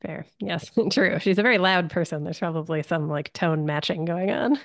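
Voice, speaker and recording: A soft-spoken woman talks through her thoughts on a TV episode on a podcast, laughing often. Her voice sits fairly low. The recording is dry, with no room sound. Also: normal speed, no echo. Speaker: podcast co-host. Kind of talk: casual chat recapping a TV episode.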